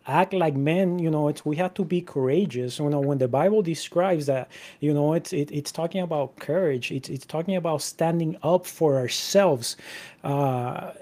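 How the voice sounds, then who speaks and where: A man's voice: fairly high pitch, dark tone. A man in casual Christian discussion, reading Bible verses aloud and talking conversationally with lots of "you know" and restarts.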